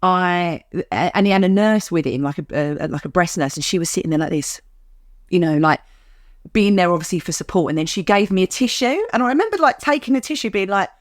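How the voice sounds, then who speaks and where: A woman's voice: fairly low pitch, a little fast, dry recording, studio quality. A woman, animatedly telling her own story in a casual chat and acting out what people said. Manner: animated storyteller, acts out quotes. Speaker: guest sharing her story.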